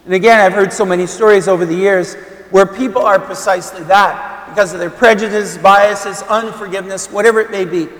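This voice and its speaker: A high-pitched man preaches a homily in a loose, conversational way, leaning on fillers and repeating his key points for emphasis. The recording is roomy, with the long reverb of a church hall. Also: fairly even intonation, a little fast, a bit bright. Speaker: Catholic priest.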